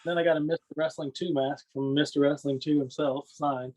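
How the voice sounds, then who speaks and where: A man's voice: fairly high pitch, steady tone, brisk, a little mellow. A man guesting on a podcast, rambling through stories in casual chat, often adding "you know what I mean" and laughing. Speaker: podcast guest, wrestling fan.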